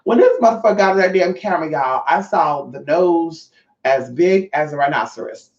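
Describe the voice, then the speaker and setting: She has a low, slightly mellow voice, talking a little fast with lively intonation as she hosts a casual livestream. Brassy and profane, she reads chat aloud and calls her viewers honey, captured on a roomy, distant, dull lo-fi mic.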